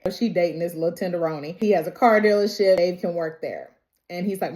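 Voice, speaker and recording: A woman's voice: on the low side, brisk, a little mellow. A woman vlogger recapping a TV episode in a casual, slangy way, laughing often.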